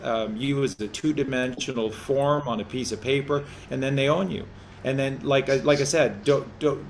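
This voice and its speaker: A man's voice: mid-range voice, a little hiss or hum. A man co-hosting a community call-in chat, rambling and often restarting and repeating his words. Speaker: co-host.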